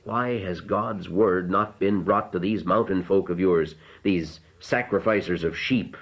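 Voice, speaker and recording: A man doing a sharp, haughty stranger priest. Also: sits low, unhurried, highs cut off. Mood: scornful. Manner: sharp, scornful questioning.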